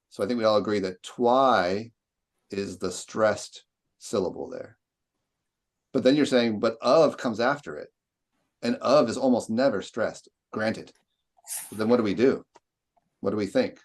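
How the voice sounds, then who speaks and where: A man's voice: lowish voice, a little slow, pauses often. A man leading an online poetry seminar, explaining stress and meter and asking students questions. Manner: explanatory, questioning, tapping out rhythms.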